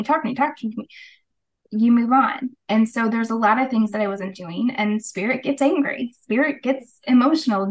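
A woman's voice: fairly high pitch, low-quality recording. Middle-aged woman, casual interview guest, earnest storyteller, acts out quotes. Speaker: guest, holistic practitioner.

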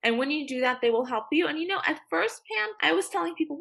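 A woman's voice: high voice, lively intonation, brisk, creaky, few pauses, bright, forceful tone. A young woman attorney speaking as a guest in a podcast interview, blunt and emphatic, swearing freely. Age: young adult.

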